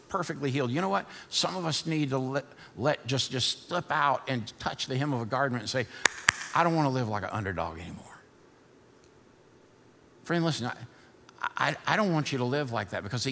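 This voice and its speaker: Gravelly fired-up preacher man. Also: medium pitch, animated, fairly quick, big-room sound, slight background noise. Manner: builds to fired-up shouting, then softer prayer. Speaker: pastor. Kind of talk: sermon. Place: church sanctuary.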